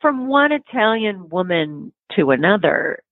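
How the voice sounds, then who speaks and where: A woman's voice: medium pitch, very animated, unhurried, dry recording. A woman in her forties, a relationship expert talking in a frank, blunt, philosophical way as an interview guest. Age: 40s. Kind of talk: casual interview chat. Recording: tinny phone-like line, dry.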